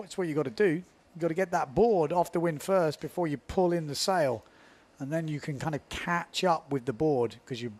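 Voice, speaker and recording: A man commentating live windsurfing, chatty and self-mocking, laughing often as he talks. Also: a little high.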